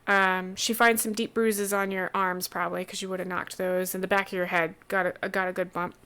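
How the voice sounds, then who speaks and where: Woman game master narrating a tabletop session; easygoing, stop-start delivery at a medium pitch. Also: smooth. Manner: relaxed, halting narration with many restarts.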